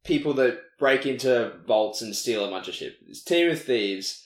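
A man describing a film in relaxed podcast chat, pausing on um and uh as he goes. His voice is mid-pitched, and the room adds a noticeable echo. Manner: easygoing, hesitant with um and uh fillers. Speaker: podcast co-host. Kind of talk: casual chat. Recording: roomy echo.

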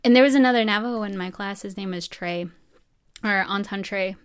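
A woman's voice: mid-range voice, fairly quick, clean tone. A young woman from New Mexico, a medical student, casually telling her own story in a rambling way, laughing often and acting out what people said.

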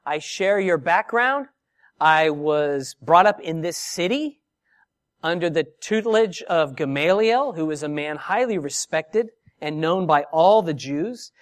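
A man's voice: on the high side, lively intonation, measured pace. A man preaching who speaks as the apostle Paul, retelling his story in the first person with earnest emphasis. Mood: earnest, emphatic. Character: the apostle Paul, a zealous man defending himself. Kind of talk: sermon.

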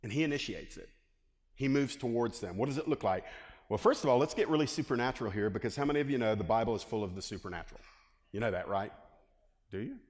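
Casting note: pastor, male, mid-pitched voice, animated preaching with long hall reverb. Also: quick pace. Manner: lively preaching, asks the congregation questions. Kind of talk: sermon. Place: church hall.

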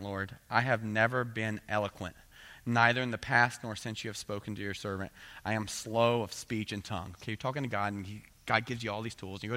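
A man's voice: medium pitch, fairly bright tone. A middle-aged man giving a conversational sermon, acting out voices and often asking "right?". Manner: conversational preaching, acts out voices, frequent "right?". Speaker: pastor.

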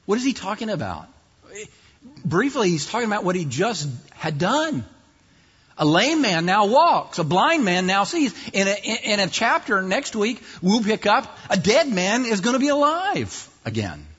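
Husky-voiced man preaching in a hall. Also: high voice, normal speed. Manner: expository preaching, lively, acts out voices mockingly. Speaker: pastor. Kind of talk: sermon. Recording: dull distant sound in a reverberant hall.

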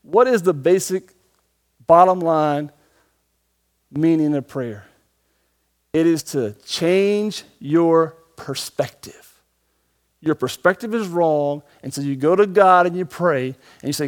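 Man, high voice, pastor preaching a sermon, emphatic then hushed, slow deliberate scripture reading.

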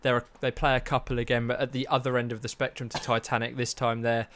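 A man's voice: medium pitch, flat delivery, fast talker, a bit bright, a little hiss or hum. A man co-hosting a casual film chat, easygoing and rambling, with dry opinions. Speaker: podcast co-host.

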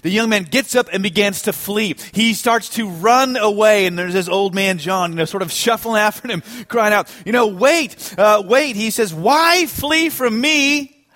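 A man preaching a sermon, telling a story with animated, emphatic delivery that builds to strong peaks. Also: high-pitched, normal speed, few pauses. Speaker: pastor.

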